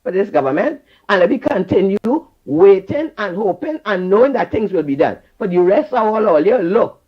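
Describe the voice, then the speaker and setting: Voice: mid-range voice, big pitch swings, normal speed, husky. A caller with a Trinidadian accent, scolding fervently and repeating phrases on a call-in show. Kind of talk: impassioned call-in rant. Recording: dull lo-fi call-in line.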